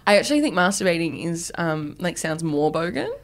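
A woman's voice: fairly low pitch, lively intonation, brisk. A pregnant woman co-hosting a podcast, chatting frankly and playfully and laughing often. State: heavily pregnant. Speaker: podcast co-host. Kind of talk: casual chat.

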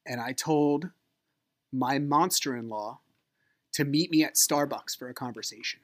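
A man's voice: medium pitch, a little slow. A man hosting a podcast, telling a personal story in a candid, aggrieved way. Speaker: podcast host.

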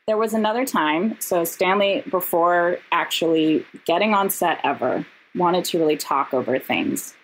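A woman, a podcast guest and actress, telling stories in casual chat, animated and laughing, with quick asides. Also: sits low, slight background noise, rough recording. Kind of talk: casual storytelling.

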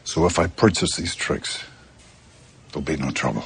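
An actor playing a solemn, deadpan grown man questioning a store clerk in a film comedy scene. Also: rumbling low, normal speed, slight background noise. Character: grave, deadpan grown man buying kids' cereal.

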